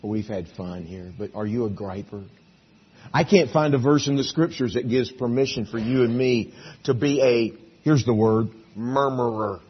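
A man's voice: mid-range voice, moderate pace, husky, lo-fi sound. A male preacher giving a folksy, story-filled sermon, acting out characters in a church auditorium.

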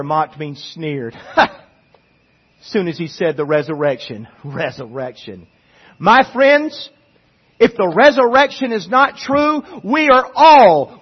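Husky, impassioned preaching man. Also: high-pitched, dull audio. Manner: pleading, swings from quiet to impassioned. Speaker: pastor. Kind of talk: sermon.

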